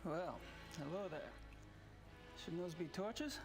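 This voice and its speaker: An actor playing a wry, casual young hero in a video game. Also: male voice, sits high, lively intonation, slow, music in the background, heavily acted.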